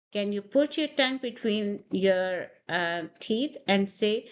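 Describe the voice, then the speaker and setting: Female teacher, slow, drills pronunciation word by word; muffled lo-fi recording. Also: mid-range voice, animated. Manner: slow, repeats words for students to copy. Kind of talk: pronunciation lesson. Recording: dull lo-fi audio.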